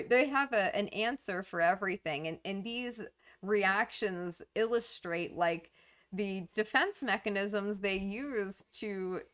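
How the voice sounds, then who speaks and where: A woman's voice: medium pitch, a bit bright. A woman casually explaining a topic to camera in a conversational way, with fillers, restarts and small laughs. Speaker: YouTube commentator on narcissism.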